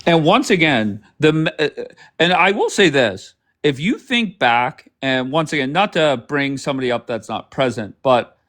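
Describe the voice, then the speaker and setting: Guy ranting on his live stream, sarcastic n swearing a lot, kinda high voice. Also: lively intonation, normal speed, a bit bright. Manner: sarcastic, profane, heated. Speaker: livestream host. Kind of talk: ranting commentary on clips.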